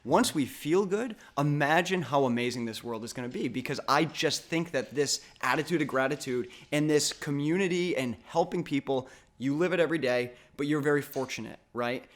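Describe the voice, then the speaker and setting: A man's voice: a little high, normal speed, few pauses. A man hosting a podcast, talking earnestly and upbeat in casual conversation. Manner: earnest and upbeat, speeds up when he gets excited. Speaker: podcast host.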